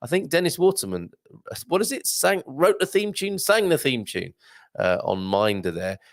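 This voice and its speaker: A middle-aged British man's slightly high voice, very animated and edged with vocal fry, carries this live-stream chat at normal speed. He reads out viewer comments in a loose, wry manner, peppered with ums and asides.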